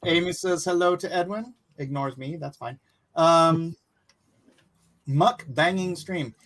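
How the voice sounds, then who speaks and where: A man's voice: a little high, slow pace, pauses often, a bit bright. A man hosting a casual art livestream, chatting loosely and laughing easily while he eats. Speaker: livestream host.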